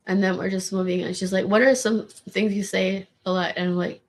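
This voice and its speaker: A woman with a gravelly voice, rambling casually in a monologue with restarts and swearing. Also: mid-range voice, level tone, fairly quick, few pauses. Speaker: vlogger.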